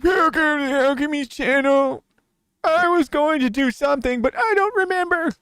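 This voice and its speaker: A man putting on the voice of a forgetful backwoods old grandpa, high and wavering, drawling slowly and rambling. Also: fairly bright tone, dry recording, studio quality. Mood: grumbly.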